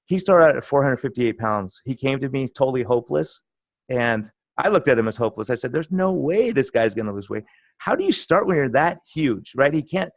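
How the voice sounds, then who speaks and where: Middle-aged male doctor, mid pitch, dry close mic, animated storyteller in casual chat. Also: no room sound. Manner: animated storytelling, acts out quoted patients. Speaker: internal medicine doctor, guest.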